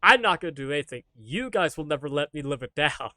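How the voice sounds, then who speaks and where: A male streamer talking casually to his viewers as he plays, rambling from one joke to the next with the odd offhand curse. His voice sits a little high for a man, and the sound is close and dry, with no room around it. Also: expressive, a little fast, bright, forceful tone, no room sound. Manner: rambling, joking, swears casually. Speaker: live streamer. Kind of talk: casual live-stream chat while gaming.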